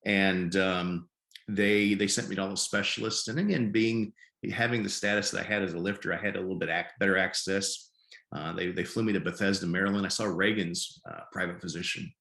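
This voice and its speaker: A man in his fifties from Nebraska, a podcast guest telling his story in a halting way and often repeating words. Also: sits low, steady tone, pushed and bright. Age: 50s. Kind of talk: conversational storytelling. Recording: roomy echo.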